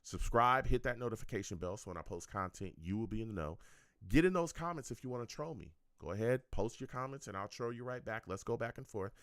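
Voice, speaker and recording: Speaking fast and expressively, a man with a mid-range, fairly bright voice is recorded in a clean, dry studio. He's winding down his own sports fan radio call-in show, loose and lively, often repeating points, adding "okay?" and "all right?", and trading jokes with his chat.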